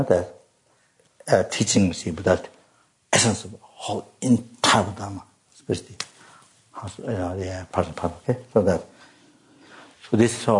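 A man giving a dharma talk as a Buddhist teacher, halting and full of fillers, often coughing and clearing his throat. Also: fairly low pitch, darkish tone. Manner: halting, many fillers and restarts.

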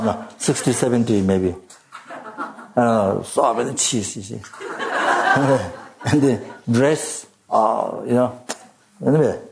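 A man giving a dharma talk as a Buddhist teacher, halting and full of fillers, often coughing and clearing his throat. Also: mid-range voice, background noise. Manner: halting, many fillers and restarts.

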